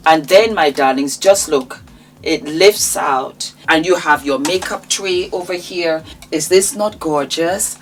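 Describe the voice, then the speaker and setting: A woman's voice: sits low, fairly bright tone. A woman with a Nigerian accent presenting products in a chatty vlog, effusive and fond of calling viewers "my darling".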